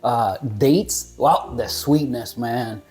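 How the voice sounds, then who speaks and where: A man talking casually to camera as he reviews a coffee, relaxed, chuckling often and stumbling over unfamiliar names. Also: mid-range voice, slow pace.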